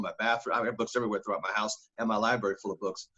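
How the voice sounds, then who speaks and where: Husky-voiced man telling his story. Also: fairly low pitch, steady tone, fast, hardly any pauses, sharp tone. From Northern California. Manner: emphatic, repeats words for stress. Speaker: podcast guest. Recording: dull lo-fi audio.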